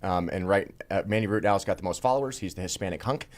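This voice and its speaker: A man in his thirties, a congressional candidate, talking fast and assertively as a guest in a radio studio interview. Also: low voice, a little hiss or hum. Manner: rapid, assertive, talks very fast.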